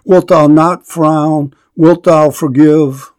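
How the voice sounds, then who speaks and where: A man's voice: on the high side, fairly even intonation, slow, a little mellow, clean tone, no echo, studio quality. A man reading the lines of a desperate young woman begging forgiveness in an imploring tone. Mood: pleading. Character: desperate pleading woman, young adult, steadfast.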